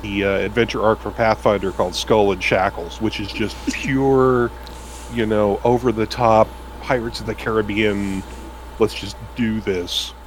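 Lowish man chatting, animated. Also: unhurried, a little hiss or hum, rough recording. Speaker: game master on a podcast panel. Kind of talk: casual chat.

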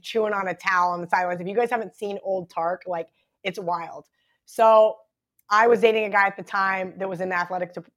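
A woman in her thirties, a podcast guest, telling a long story in casual chat, full of "like" and "right?". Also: on the low side. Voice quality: chatty, lots of "like" and "right?".

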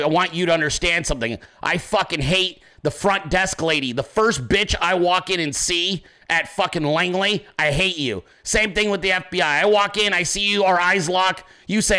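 A man's voice: fairly high pitch, fairly quick, hardly any pauses, pushed and bright. A man hosting a political commentary show, ranting angrily and sarcastically with constant profanity.

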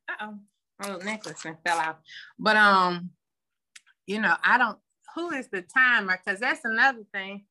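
A woman giving a candid, rambling personal share at a recovery meeting over a phone video call, with many pauses and ums. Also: mid-range voice, bright, forceful tone. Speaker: meeting member sharing.

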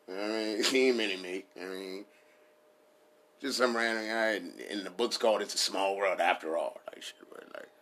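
A man's voice: sits low, fairly bright tone, slight background noise. A man riffing in a casual comedic style, rambling and profane, laughing at his own jokes.

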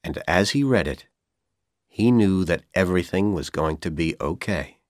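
A man from Iran with a Persian accent, whose first language is Persian, reading an English storybook aloud in a clear, deliberate way for learners. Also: sits low, animated, dry recording, studio quality. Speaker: audiobook reader for English learners. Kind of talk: slow audiobook narration.

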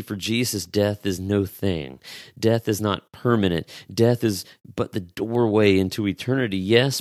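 Deep-voiced man preaching a sermon. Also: no echo, studio quality. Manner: retells the story in dramatic voices, slowing to emphasize. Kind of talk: sermon on a Bible passage.

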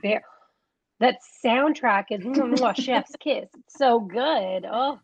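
A young woman co-hosting a casual podcast chat, talking in a chatty way with quick asides and frequent laughs. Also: a little high, husky, no echo, dull audio. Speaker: podcast co-host.

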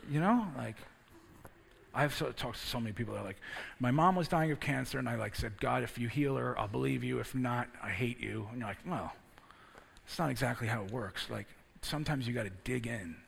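A man preaching a sermon, telling a personal story and building to loud, emphatic preaching. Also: medium pitch, fairly quick, creaky, a little hiss or hum.

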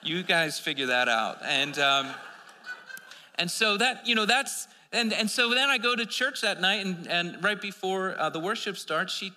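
A man's voice: high voice, normal speed, pushed and bright, long reverb tail. A man preaching a sermon, telling a story in a loose, rambling way with many restarts.

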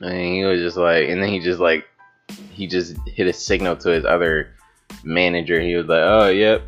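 A man's voice: deep voice, little pitch movement, normal speed, fairly bright tone, lo-fi sound, faint music behind. A young man telling a story to camera in a casual, rambling way, swearing often and filling his talk with "like.". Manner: rambling, profane, with frequent "like" fillers and laughs.

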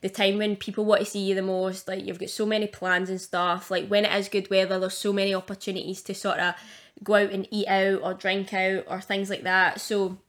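Young Scottish woman, co-host and coach, rambling and loose with an easy laugh, pitched mid-range. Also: level tone, a little fast. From Scotland. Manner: chatty, laughing often, rambling with lots of fillers. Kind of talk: casual podcast chat.

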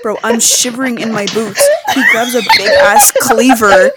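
A woman's voice: on the high side, moderate pace. A young woman telling a story to friends, swearing a lot and often laughing as she talks. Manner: profane, animated, breaks into laughter. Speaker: podcast co-host. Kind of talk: casual storytelling among friends. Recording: loud background noise.

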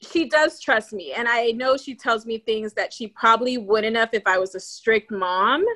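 A woman's voice: a little high, moderate pace, bright, forceful tone. A young woman, a guest on a podcast, telling stories in casual chat and laughing often.

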